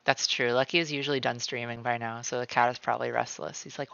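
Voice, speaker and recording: Gravelly, bright-voiced man chatting on stream. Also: mid-range voice, little pitch movement, fast talker, no echo, highs cut off. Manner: calls himself by name in the third person; rambling, many "like" fillers. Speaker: streamer drawing live. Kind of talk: casual chat while drawing. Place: at home, cat nearby.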